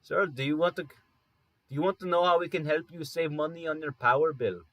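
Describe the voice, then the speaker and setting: A man's voice: a little high, fairly quick, no echo, pitched above the performer's own voice, lightly acted, rough recording. A man voicing a pushy male telemarketing supervisor with a put-on Indian accent, insistent and repeating "sir". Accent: put-on Indian English.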